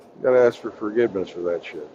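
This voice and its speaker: A man chatting loosely and full of profanity, his voice at a middling pitch. The sound is dull and lo-fi, with a faint hiss of ambience behind it. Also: quick pace, dark tone. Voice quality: coarse, profane, joking. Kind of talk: casual chat on a live stream.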